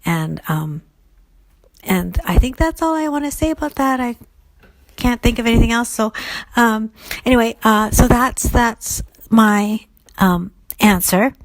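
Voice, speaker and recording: A woman's voice: a little high, animated, unhurried, dry recording. Woman, middle-aged, casual Q&A talk, thoughtful, lots of ums and restarts, dry close recording. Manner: thoughtful, many fillers and restarts. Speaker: recovery coach answering listener questions.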